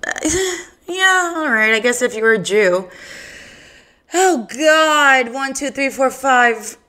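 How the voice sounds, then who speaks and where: Woman podcast host, unhurried, bright tone, giggly bawdy joke telling, casual solo chat. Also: high voice, expressive.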